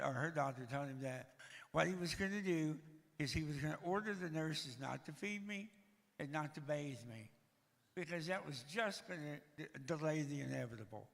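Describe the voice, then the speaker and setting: A man tells his life story with wry, self-deprecating humor, his heavy breathing always audible. His voice sits a little high, with a gravelly edge and a bright, forceful ring. The long reverb of a church hall trails behind his words. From Tennessee, USA. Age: 60s. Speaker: guest speaker. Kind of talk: humorous personal testimony. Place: church sanctuary.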